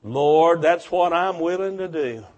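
Fervent high-voiced male preacher. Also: a little slow, a little mellow, muffled recording. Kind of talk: revival sermon.

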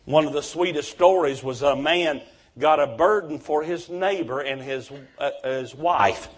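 A man with a notably high voice delivers a revival sermon. He tells stories in a fervent preaching manner, with deep conviction. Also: measured pace, slightly rough.

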